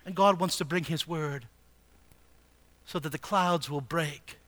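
A man preaching a sermon, asking the congregation rhetorical questions and swinging between hushed, slow passages and loud, emphatic ones. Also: on the high side. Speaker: pastor.

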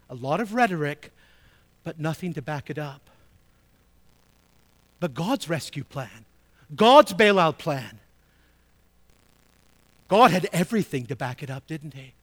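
A man preaching a sermon as a pastor, emphatic, repeating key phrases and swinging between soft asides and loud stresses. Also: a little high.

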